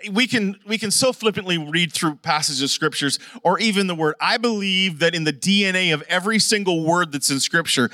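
Man, pastor, middle-aged, bright tense voice, a bit high, dry close sound, lively preaching. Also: dry recording. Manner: animated, conversational preaching with direct questions to the congregation. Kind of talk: sermon.

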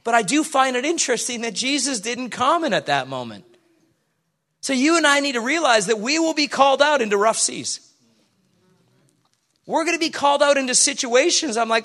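A man preaching to his church, reading scripture aloud and acting out the people in the story with lively commentary. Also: very high-pitched, normal speed, long pauses. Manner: animated, acts out the people in the Bible story. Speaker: pastor.

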